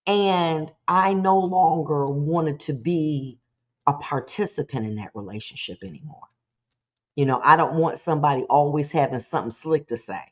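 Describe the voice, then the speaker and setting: A woman hosting a motivational talk show, preaching in an animated, conversational way and slipping into quick voices to act things out. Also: low-pitched, lo-fi sound.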